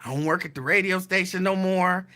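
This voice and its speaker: A man's voice: high-pitched, fairly quick, bright, forceful tone. A man hosting his own podcast, teasing and calling someone out in a profane, repetitive casual rant. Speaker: podcast host.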